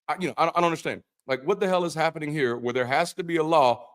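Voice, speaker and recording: A middle-aged man hosting an irreverent Bible commentary as an ex-pastor, talking in a profane, animated way that swings from mock-preacher solemnity to incredulous outbursts. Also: a little high, quick pace, few pauses, smooth. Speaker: ex-pastor host.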